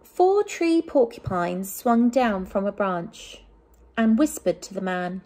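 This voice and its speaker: A woman teacher from England reading a picture book aloud to young children, with gentle asides to them. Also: mid-range voice, very animated, slow.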